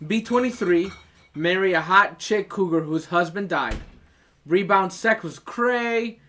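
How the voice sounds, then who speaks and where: Podcast guy, kinda high voice, stumbles and restarts a lot. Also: bright, forceful tone. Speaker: podcast co-host. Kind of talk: casual chat.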